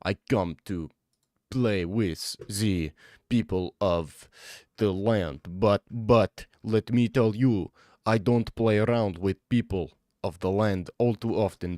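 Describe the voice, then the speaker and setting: A man's voice: low-pitched, a little mellow, dry recording, studio quality. A man voicing a boastful male Russian gangster in clipped broken English with a mock Russian accent.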